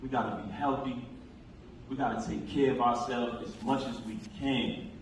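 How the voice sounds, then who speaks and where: In a large theater hall, a man delivers an impassioned, emphatic eulogy, recounting conversations with his late friend. His mid-range voice keeps fairly even intonation at normal speed, while crowd noise, echo, distant pickup and faint noise color the recording.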